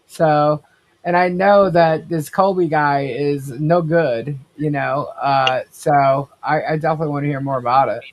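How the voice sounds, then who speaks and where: A woman's voice: sits low, steady tone, measured pace, a little hiss or hum. Chatty New woman host. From New York. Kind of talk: casual stream chat.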